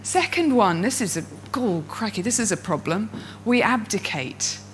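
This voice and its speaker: In a presentation to coaches, a woman with a mid-range voice talks at a moderate pace, acting out inner voices as she tells her stories expressively. She is a coach and speaker. Slight background noise and poor audio mark the recording.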